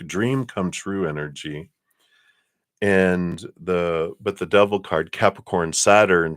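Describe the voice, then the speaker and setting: A man's voice: low voice, no room sound, clean studio sound. A man giving casual live tarot readings in a laid-back, chatty way, laughing often and letting sentences trail off. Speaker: tarot reader.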